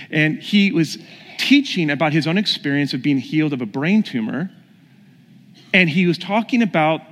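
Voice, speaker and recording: Man preaching in a reverberant hall. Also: a little high. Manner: storytelling, questions the audience. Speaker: pastor. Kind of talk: sermon.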